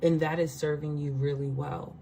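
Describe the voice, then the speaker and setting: A woman's voice: low-pitched, level tone, moderate pace, gravelly, warm tone, a little hiss or hum, poor audio. A woman giving a casual spiritual card reading, chatty, laughing often and checking in with her listeners.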